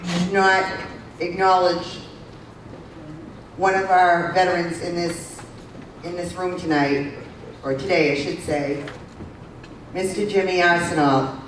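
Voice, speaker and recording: A woman, the event organizer, making casual, halting thank-you announcements at a luncheon. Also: fairly low pitch, steady tone. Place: banquet hall at a country club luncheon. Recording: echoey hall from far off, crowd noise.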